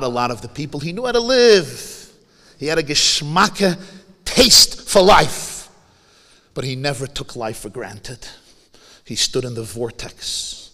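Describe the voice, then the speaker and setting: A man giving a memorial sermon as a rabbi, swinging from hushed tones to shouting and asking rhetorical questions. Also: medium pitch. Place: large hall. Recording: long hall reverb.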